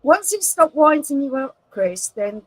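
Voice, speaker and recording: A woman's voice: sits high, sing-song, measured pace, no echo, rough recording. A woman joining her partner's live chat, making wry, dry comebacks and giggling. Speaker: host's partner. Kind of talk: casual pub-style live chat.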